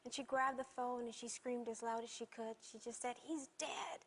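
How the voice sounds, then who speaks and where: A woman giving an emotional personal account in an interview, soft-spoken and halting, often repeating herself. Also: fairly high pitch, little pitch movement, a little hiss or hum.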